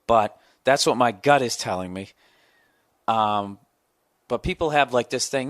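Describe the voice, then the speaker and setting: Profane ranting comedian, dry close sound. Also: male voice, mid-range voice, unhurried, long pauses, dry recording. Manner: profane, ranting, animated storytelling. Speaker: comedian podcast host. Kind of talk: casual storytelling monologue.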